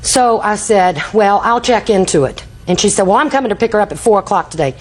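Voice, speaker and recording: A woman's voice: mid-range voice, animated, a little fast, rough recording. An older woman testifying in a TV courtroom, telling a rambling story and acting out quoted dialogue. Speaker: litigant.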